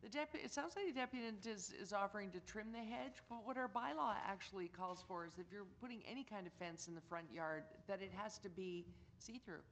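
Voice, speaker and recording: Brief: woman councillor, mid pitch, hesitant questioning, faint background noise. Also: fairly quick, hardly any pauses. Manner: hesitant, repeats words. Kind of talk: committee questioning.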